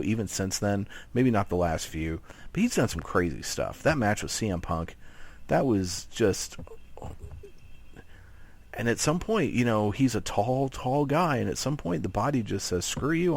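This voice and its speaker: A man's voice: on the low side, normal speed. A man co-hosting a wrestling podcast, talking casually and rambling with lots of restarts. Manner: rambling, animated, many restarts. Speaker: podcast co-host. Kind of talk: casual chat.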